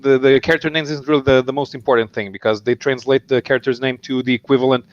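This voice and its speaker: A thoughtful man from Portugal joins a casual video chat, speaking hesitantly with frequent restarts. His voice sits at a middle pitch. The call audio sounds dull and lo-fi. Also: steady tone, fast talker.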